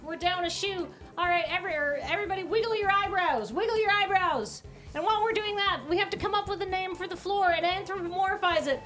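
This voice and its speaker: High-voiced woman calling out challenges. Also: steady tone, fairly bright tone. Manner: brisk, calls out instructions, playful. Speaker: challenge ringleader on a charity stream. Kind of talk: fast live stream hosting.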